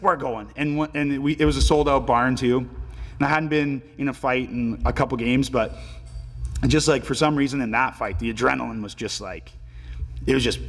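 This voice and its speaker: A man in his twenties, a pro hockey player telling stories as a podcast guest in a relaxed, filler-heavy way and swearing casually. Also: medium pitch, long reverb tail. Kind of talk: casual storytelling interview.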